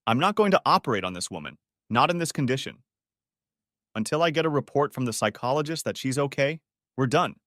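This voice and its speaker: A man's voice: medium pitch, lively intonation, brisk, fairly bright tone, no room sound, clean studio sound, voice pushed up, natural voice. A man voicing a stern female doctor who speaks firmly and bluntly. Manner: firm, blunt.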